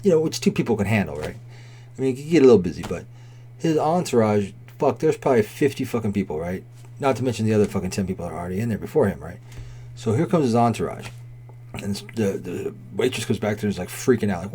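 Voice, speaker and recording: A man's voice: lowish voice, animated, fast talker, mellow, a little hiss or hum. Profane rambling man telling a story. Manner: rambling, profane, fillers of "right?" and "like". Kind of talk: casual spoken anecdote.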